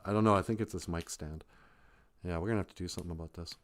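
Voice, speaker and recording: A man's voice: low voice, racing. A man hosting a live stream, telling a comic folk tale in a loose, off-the-cuff, joking way. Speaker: live-stream host and storyteller. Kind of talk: rambling comic storytelling.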